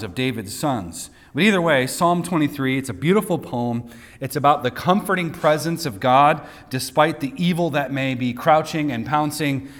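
A man's voice: medium pitch, a bit bright. Male pastor mid-sermon, conversational teaching with asides, long hall reverb. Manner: teaching, with light asides and repeated words.

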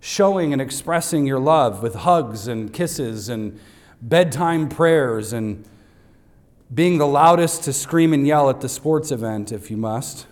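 A man's voice: mid-range voice, lively intonation, slow. A man preaching a Father's Day sermon in a church as pastor, stressing and repeating his main points, with touches of humor for the congregation. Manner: emphatic, repeats key points for note takers; light humor aimed at the congregation. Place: church sanctuary.

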